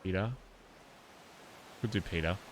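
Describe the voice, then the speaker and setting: A man's voice: low-pitched, unhurried, slight background noise. A man streaming a roleplay game, talking casually to his viewers and often checking in with them. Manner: chatty, addresses viewers directly, frequent "okay?". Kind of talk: casual end-of-stream chat.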